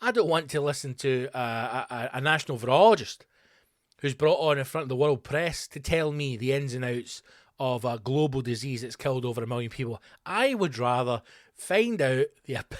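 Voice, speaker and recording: A man hosting a comedy podcast, telling a rambling story with sudden loud, incredulous outbursts. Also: mid-range voice, no room sound, clean studio sound. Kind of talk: comedic monologue.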